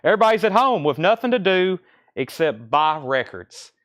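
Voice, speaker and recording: Brisk man hosting a live record sale. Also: high voice, sing-song, fairly bright tone, no echo, lo-fi sound. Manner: brisk auctioneer-style listing of titles and prices. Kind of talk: live-stream sales patter. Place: record shop.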